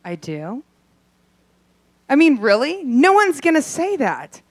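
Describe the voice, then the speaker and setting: Brash, lively-voiced woman doing stand-up. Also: high-pitched, no echo. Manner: brash and profane, acting out voices in quick asides. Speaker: stand-up comedian. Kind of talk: stand-up comedy set. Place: comedy club stage.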